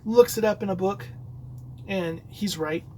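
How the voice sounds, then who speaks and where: A man's voice: high voice, measured pace, darkish tone, slight background noise, low-quality recording. Rambling male podcaster telling a story. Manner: rambling storytelling with many fillers and restarts. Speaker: podcast host. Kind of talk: casual solo podcast talk.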